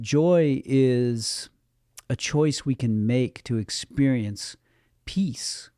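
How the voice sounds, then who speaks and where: A male pastor delivering a sermon in an earnest, conversational way, with light touches of humor. His voice is mellow and warm rather than bright. The sound is close and dry, with little room echo. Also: medium pitch.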